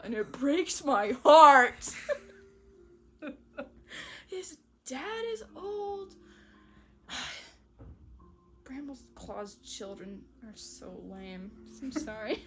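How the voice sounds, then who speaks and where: Young woman, casual chat, giggly, unhurried, high voice, very lively pitch. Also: slight background noise. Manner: giggly, animated storytelling. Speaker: co-host.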